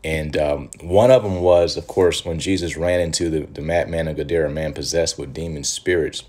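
A man teaching from the Bible in a conversational, animated preaching style, asking rhetorical questions. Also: rumbling low, moderate pace, hardly any pauses, noisy background. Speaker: pastor. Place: Michigan.

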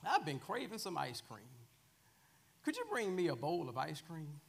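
A man's voice: fairly high pitch, sing-song, moderate pace, gravelly. A man voicing an elderly wife who keeps nagging her husband in a joke during a sermon. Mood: insistent. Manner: nagging, teasing. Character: elderly wife, sharp and insistent.

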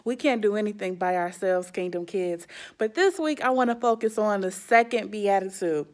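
A woman's voice: mid-range voice, moderate pace. A young adult woman, a children's pastor, speaking straight to the kids in a sermon with emphatic rises. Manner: warm, direct address to kids, emphatic rises.

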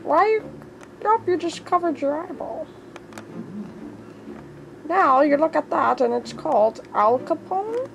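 A woman's voice: high voice, animated, slow pace, creaky, pauses often, muffled recording, a little hiss or hum. A woman behind the camera, chatting casually and teasing with lots of giggles. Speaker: camera operator.

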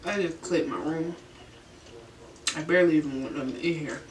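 A woman's voice: sits low, normal speed, distant mic. A young woman chats through a story in her bedroom, loose, slangy and profane, laughing often. The mic sits a little away from her, so her voice carries some room echo. A faint hiss runs underneath. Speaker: vlogger. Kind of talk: casual storytelling during a mukbang.

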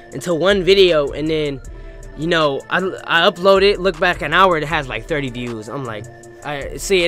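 Young male gaming YouTuber, high-pitched, profane and animated casual rant. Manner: profane, animated, peppered with "bro" and "you know what I mean".

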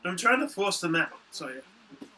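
Sniffly young man, bright voice off-mic. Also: high voice, sing-song, moderate pace, distant mic. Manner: laid-back, joking, sniffly. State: stuffy with hay fever. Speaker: friend of the host. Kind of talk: casual chat. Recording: off-mic with faint hiss.

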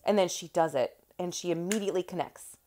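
A woman's voice: on the low side, fairly quick, warm tone, slight background noise. Chatty woman reviewing a movie. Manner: chatty, opinionated, swears casually. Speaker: co-host. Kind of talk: casual movie review chat.

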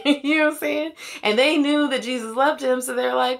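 Animated woman retelling scripture in slang. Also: high-pitched, a little fast, few pauses. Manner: slangy, animated paraphrasing with frequent laughs; conversational asides and fillers. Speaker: Bible teacher. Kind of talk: casual Bible retelling.

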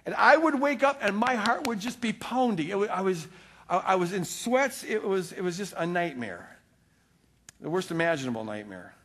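A middle-aged man preaching a sermon as pastor, telling stories with animated emphasis and frequent stammered restarts. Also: high voice, normal speed, breathy edge.

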